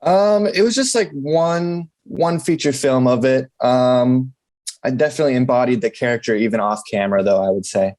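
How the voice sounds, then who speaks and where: Young adult man from Michigan, relaxed podcast guest, easygoing and chatty. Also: mid-range voice, moderate pace. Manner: laid-back, laughs often, fillers. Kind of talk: casual interview chat.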